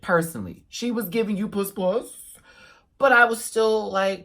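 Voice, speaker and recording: A man giving a casual reaction review to his viewers, animated and sassy, with playful asides. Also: on the high side, moderate pace. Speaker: YouTube reviewer.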